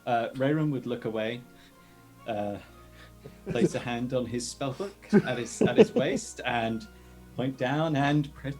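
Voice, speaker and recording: A man playing a tabletop game, describing his character's actions in a halting, animated way with many fillers. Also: mid-range voice, music in the background. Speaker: player.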